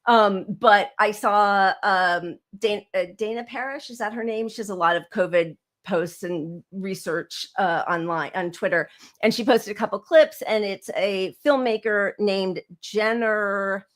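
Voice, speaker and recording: A woman's voice: medium pitch, measured pace. A woman in her forties co-hosting a podcast, chatting casually with frequent laughs and fillers. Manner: chatty and giggly, with many fillers. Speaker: podcast co-host.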